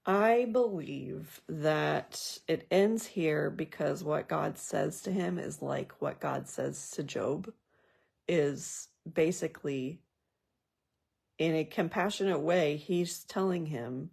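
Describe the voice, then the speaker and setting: A woman's voice: low voice, lively intonation, slow, creaky, a little mellow, breathy edge. A woman leading a casual Bible study. She reads scripture aloud and then talks through it in a thoughtful, conversational way with personal asides. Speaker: Bible journaling teacher.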